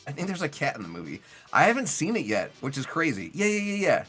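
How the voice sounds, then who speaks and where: A man's voice: mid-range voice, huge pitch swings, fast talker, sharp tone, slightly rough, faint music behind. A young adult man streaming a video game live, chatting loosely with viewers and rambling with lots of "like" fillers. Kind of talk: casual live gameplay commentary.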